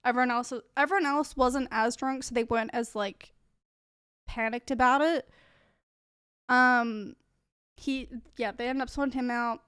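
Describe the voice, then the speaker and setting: Young streamer girl, slightly high voice, smooth and clear, rambles and swears a lot. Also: steady tone, unhurried, pauses often, fairly bright tone, no echo, clean studio sound. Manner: rambling, full of fillers and swearing. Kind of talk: casual storytelling on a live stream.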